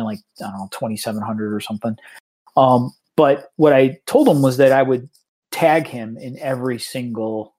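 A man of middling pitch chatting as a podcast guest about running tabletop game events. He rambles through restarts and fillers, then picks up energy as he retells his stories. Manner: animated when retelling stories. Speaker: tabletop tournament organizer, guest. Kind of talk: casual podcast conversation.

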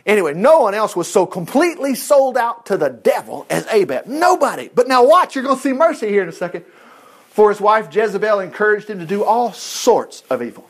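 High-voiced animated male preacher. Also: brisk. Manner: animated, swings pitch widely, asides and exclamations. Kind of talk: sermon, retelling scripture.

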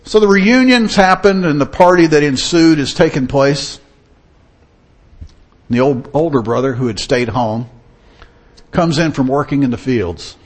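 A man's voice: a little high, expressive, unhurried, long pauses. A man preaching a sermon in an earnest, storytelling manner. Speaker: pastor.

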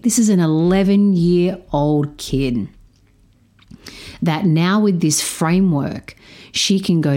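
A woman telling a story about parenting her stepdaughter, speaking in a slow, measured, reflective way. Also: lowish voice, mellow. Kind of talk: storytelling talk.

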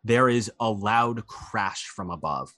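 A man narrating a tabletop role-playing game as game master in a relaxed, rambling way, often correcting himself mid-sentence. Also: on the low side, slow pace, gravelly. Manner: relaxed, rambling, with frequent ums and self-corrections.

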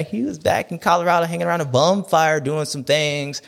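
A man's voice: on the high side, brisk, vocal fry. A man hosting a race recap show, talking in a loose, slangy, joking rant that rambles from one aside to the next. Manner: animated, rambling, slangy, jokey. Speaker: show host.

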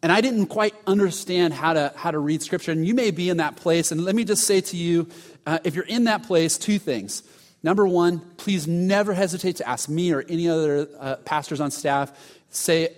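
A man preaching a sermon as pastor, telling a story with sudden drops into a hushed voice. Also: a little high, normal speed. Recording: reverberant hall.

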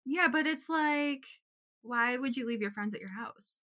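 A young adult woman co-hosting a podcast, telling a quick, chatty story about her school years with frequent giggles. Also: high-pitched, bright, forceful tone. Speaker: podcast co-host. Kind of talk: casual chat, storytelling.

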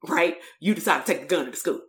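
A woman's voice: low-pitched, quick pace, reverberant. Blunt, emphatic woman coach. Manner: blunt, storytelling, emphatic, swears casually. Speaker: coach and therapist. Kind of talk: live-streamed motivational talk.

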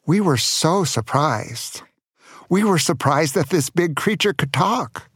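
A man's voice: a little high, lively intonation, slow pace, fairly bright tone, breathy edge, no echo, clean studio sound. An older man telling a children's adventure story as a grandfather, playful and dramatic, with small jokes.

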